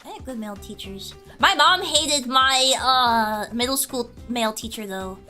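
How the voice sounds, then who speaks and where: A woman's voice: a little high, moderate pace, soft background music. A young woman streamer chatting casually and telling stories, laughing often. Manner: giggly, animated storytelling. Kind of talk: casual chat with chat.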